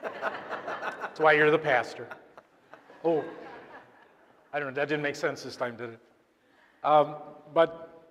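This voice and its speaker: A man, apparently a deacon, giving a conversational sermon during Mass, halting and joking with the congregation. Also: mid-range voice. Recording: long church reverb.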